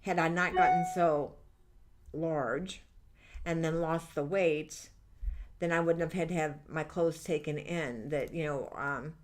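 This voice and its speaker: A middle-aged woman hosting a live angel-reading stream, chatting candidly and rambling with lots of fillers. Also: low-pitched. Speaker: livestream angel reader. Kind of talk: chatty livestream talk reading out viewer comments.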